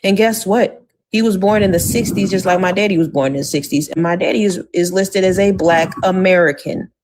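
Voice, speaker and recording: A woman's voice: on the low side, brisk, a little mellow, poor audio. A woman co-hosting a heated call-in debate, firm in tone, repeating a name to cut in and reading out documents. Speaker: co-host.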